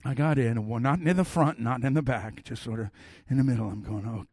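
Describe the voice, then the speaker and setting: Animated man preaching, dry close sound. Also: medium pitch, fairly quick, no room sound. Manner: animated storyteller, swings from loud to soft. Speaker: pastor. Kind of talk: sermon with personal stories.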